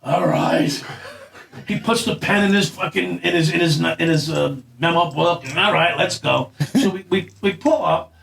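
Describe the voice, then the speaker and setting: Recorded from a distance over crowd noise, this guest has a slightly high voice with vocal fry and talks at a moderate pace. He tells a long story casually, laughing and cursing, and voices the quoted parts loudly as if performing them.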